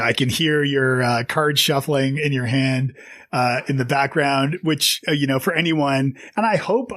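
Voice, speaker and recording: A man's voice: medium pitch, no echo. A man hosting a podcast interview, chatty and loose with many fillers. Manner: warm, chatty, lots of fillers. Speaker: podcast host. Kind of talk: interview conversation.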